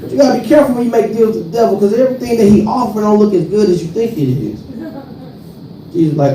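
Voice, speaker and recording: Stand-up comic, male, St. Louis accent, high and lively delivery, heard from afar in a noisy club. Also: quick pace. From St. Louis, USA. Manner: animated, swings loud and soft, acts out characters. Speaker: stand-up comedian. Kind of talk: stand-up comedy set. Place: comedy club stage with audience. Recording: roomy club sound from a distance, audience noise.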